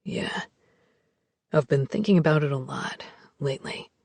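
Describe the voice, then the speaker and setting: A man voicing a troubled young man who opens up softly, with a deep, raspy voice in audiobook dialogue. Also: measured pace, no echo. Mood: quiet, confiding.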